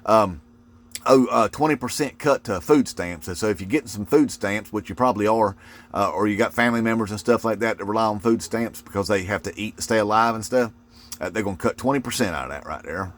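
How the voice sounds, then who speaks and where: A man with a drawl rants casually to his viewers. His voice sits a bit low. He is mocking and folksy, and his talk is full of "uh" fillers and restarts. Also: brisk. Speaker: political video commentator. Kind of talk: casual rant to camera.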